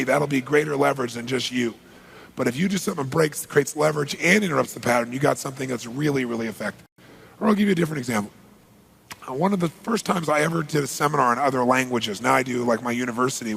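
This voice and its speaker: A man's voice: medium pitch, gravelly, fairly bright tone, husky, big-room sound. A man giving a motivational seminar, telling stories energetically, acting out dialogue and asking the audience questions. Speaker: motivational speaker. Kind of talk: live seminar storytelling. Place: large seminar hall.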